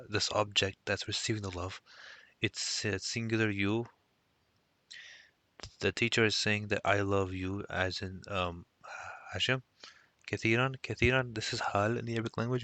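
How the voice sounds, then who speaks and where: A man's voice: on the low side, bright, forceful tone, dry recording. A man teaching a recorded language lesson, explaining step by step and mixing Arabic phrases into his English.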